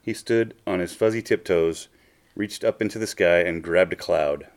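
A man with a very low voice reads a children's storybook aloud. He keeps his delivery unhurried and expressive, drawing out phrases as he goes. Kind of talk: storybook reading.

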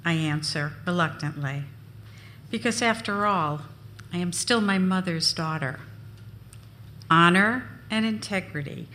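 A woman giving a live memoir reading on stage, expressive and unhurried. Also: fairly low pitch, slight background noise. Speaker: storyteller. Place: on stage at a venue.

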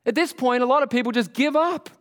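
A high-voiced man preaching in a big church, and his sermon rings out with a long hall echo. He talks to the congregation in a lively, joking way. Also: fast talker. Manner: animated, conversational, joking with the congregation. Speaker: pastor.

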